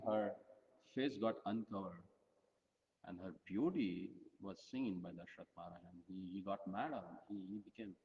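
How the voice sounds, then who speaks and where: A man retelling a sacred story in a devotional talk, halting and repeating words as he goes. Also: on the low side. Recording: dull audio with long hall reverb.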